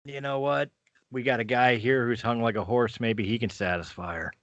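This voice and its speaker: A man's voice: medium pitch, fairly even intonation, no echo, lo-fi sound. Joking man at a tabletop game. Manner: joking, quick to laugh. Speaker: player. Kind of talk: casual tabletop game play.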